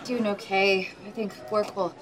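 A woman's voice: mid-range voice, a little slow, loud music behind the voice, lightly acted. An actress playing a wisecracking young mother who works as a waitress, with dry sarcasm. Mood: wry. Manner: sarcastic, deadpan. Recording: noisy sitcom broadcast audio.

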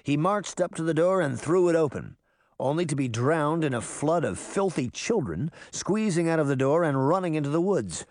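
Male audiobook narrator, animated and a touch high, dry close recording. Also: normal speed, dry recording. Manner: lively storytelling voices. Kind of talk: scripted narration.

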